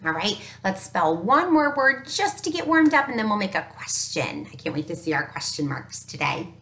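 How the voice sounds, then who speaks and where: A woman teacher giving a recorded phonics lesson to young children, upbeat and encouraging, sounding out each letter slowly. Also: medium pitch, big pitch swings, fairly bright tone, slight background noise. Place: home teaching space with an easel. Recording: echoey room.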